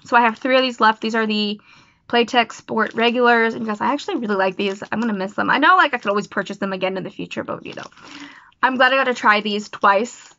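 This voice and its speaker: A woman's voice: fairly high pitch, quick pace, vocal fry, fairly bright tone. A young woman talking casually in a personal vlog, rambling and self-deprecating with lots of fillers. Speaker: vlogger. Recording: dull lo-fi sound, dry.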